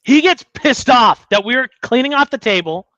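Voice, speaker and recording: A man's voice: extremely high pitch, normal speed, no echo, lo-fi sound. A man co-hosting a podcast, telling a story in casual chat and acting out the people in it. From United States. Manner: animated storyteller, acts out quotes. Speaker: podcast co-host.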